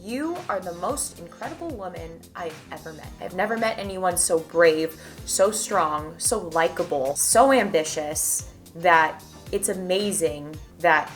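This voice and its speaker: A woman voicing an earnest young man who speaks slowly, gently and seriously. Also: lowish voice, animated, soft background music. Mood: tender.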